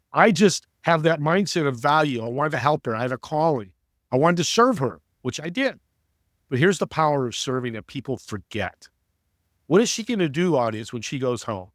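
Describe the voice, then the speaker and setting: A man's voice: fairly high pitch, a bit bright, dry recording, clean studio sound. A man who is an entrepreneur and podcast guest, telling stories in an earnest, preachy, motivational way. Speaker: entrepreneur and networking coach, guest. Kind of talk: interview storytelling.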